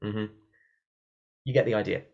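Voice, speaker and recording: A man teaching singing in an online workshop, talking casually from a room at his computer and breaking into quick sung and yelled demonstrations. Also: fairly low pitch, fairly even intonation, vocal fry, highs cut off.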